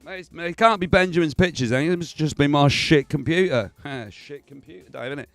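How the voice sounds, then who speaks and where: A man's voice: on the high side, brisk, vocal fry, fairly bright tone, faint music behind. Swearing man chatting on stream. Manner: swearing, chatty, laughs often. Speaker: livestream host. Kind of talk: casual stream chat.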